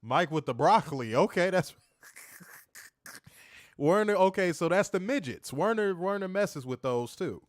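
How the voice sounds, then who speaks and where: A man's voice: high voice, lively intonation, measured pace, long pauses, no echo, studio quality. Joking, swearing man reviewing wrestling. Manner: loose, joking, reads chat comments, summarizes show. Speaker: podcast co-host reviewing wrestling. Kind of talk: casual profane review chat.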